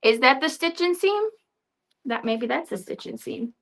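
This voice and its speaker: A woman's voice: high voice, animated, moderate pace, gravelly, a bit bright. A young woman hosting a casual live show of new quilting products, chatty and laughing at her own verbal slips. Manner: chatty, giggly, trips over words and laughs at herself.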